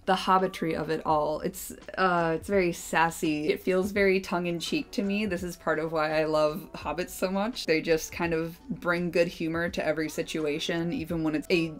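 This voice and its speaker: A woman's voice: fairly low pitch, fairly even intonation, normal speed, few pauses, soft background music. A young woman reading a novel aloud and breaking off for gushing, giggly casual commentary.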